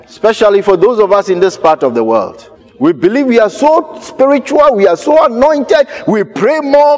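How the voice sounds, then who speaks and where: A man's voice: very high voice, a little mellow. Emphatic preacher man, echoing hall. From Ghana. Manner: emphatic, repeats key phrases. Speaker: pastor. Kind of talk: sermon.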